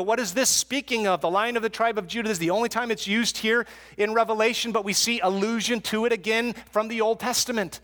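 Male preacher, high voice, earnest expository sermon, long hall reverb, stumbles and repeats words. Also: steady tone, a little fast, hardly any pauses, a bit bright.

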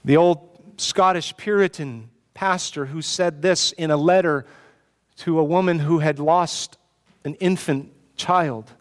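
A man's voice: on the high side, a little slow. Earnest man preaching in a reverberant hall. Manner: earnest, pleading preaching with repeated rhetorical questions. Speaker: pastor. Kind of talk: sermon.

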